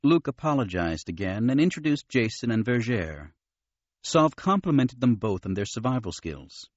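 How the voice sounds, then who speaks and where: A man narrating an audiobook with steady, expressive storytelling. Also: medium pitch, moderate pace, no room sound. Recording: dull, dry studio recording.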